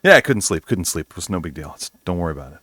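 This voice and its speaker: A man's voice: low voice, big pitch swings, rapid-fire, pushed and bright, dry recording, voice pushed down, heavily acted. A man voicing a jumpy, secretive male halfling who mumbles and dodges questions in a tabletop role-play game. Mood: evasive. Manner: evasive, mumbling.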